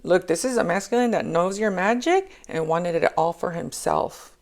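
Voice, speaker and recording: Gravelly low-voiced woman reading tarot. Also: lively intonation, moderate pace, a little mellow. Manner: rambling, repeats herself, checks in with "okay?". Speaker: tarot reader. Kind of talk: casual spoken tarot reading.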